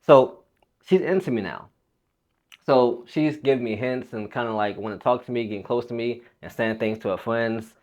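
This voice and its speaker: A man's voice: medium pitch, normal speed, darkish tone, dull audio. A young man and fitness coach telling a personal story in a loose, rambling, casual way, swearing freely.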